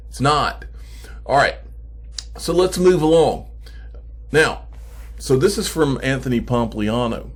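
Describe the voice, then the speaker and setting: A man hosting a crypto investing channel, giving casual emphatic commentary and repeating points slowly for effect. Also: mid-range voice, breathy edge. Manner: addresses viewers as folks, frequent okay. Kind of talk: casual commentary on screen posts.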